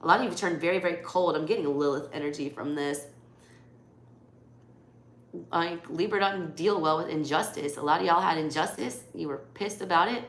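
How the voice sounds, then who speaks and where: Speaking at a moderate pace in a voice on the low side, a woman with a Southern US accent reads tarot live. Her casual chat is blunt and full of swearing, and the recording has an echoey room with faint background noise.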